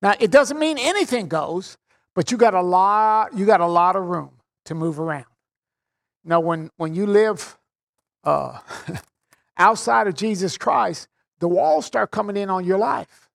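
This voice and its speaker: High-pitched preacher guy, leans hard on key phrases, drops slang asides. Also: lively intonation, measured pace, gravelly, a bit bright. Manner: emphatic, repeats phrases for stress. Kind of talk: sermon, expounding scripture.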